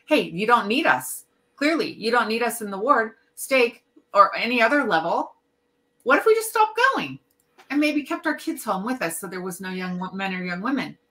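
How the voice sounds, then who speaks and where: A middle-aged woman talks on a casual podcast in a bright, tense voice. She states her opinions emphatically, with an indignant edge. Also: mid-range voice, lively intonation, normal speed. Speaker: podcast co-host. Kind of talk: casual discussion.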